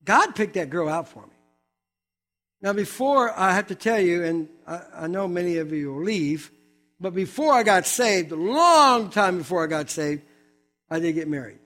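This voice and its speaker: This is an older man delivering a sermon as a personal testimony, with a notably high voice for a man. His manner is animated and humorous, full of quick asides. Faint music plays in the background. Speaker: preacher.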